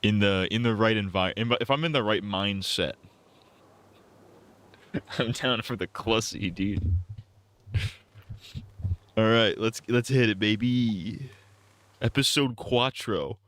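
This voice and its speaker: A man's voice: fairly low pitch, takes it slowly, long pauses, fairly bright tone, no echo. A man casually commenting on a story game during a live stream, crude and joking, laughing often.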